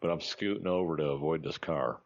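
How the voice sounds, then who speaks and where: A man's voice: rumbling low, brisk, muffled recording. A man with a slight lisp, co-hosting a podcast and telling stories in a laid-back, swearing casual chat. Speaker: podcast co-host.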